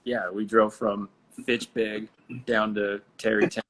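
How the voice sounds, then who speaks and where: Low-voiced man chatting casually. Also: slow. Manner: relaxed, chatty, laughs often. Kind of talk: casual chat. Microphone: live video stream.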